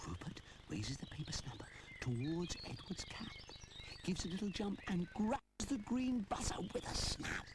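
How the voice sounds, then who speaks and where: A British storyteller giving a lively, sing-song rhyming storybook narration. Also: mid-range voice, normal speed, background noise. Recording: narration over background music.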